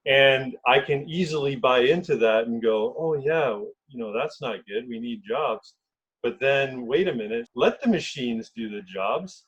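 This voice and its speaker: A man hosting a casual conversation, speaking reflectively and earnestly with a husky voice. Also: mid-range voice, moderate pace, highs cut off. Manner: reflective, earnest, frequent "you know".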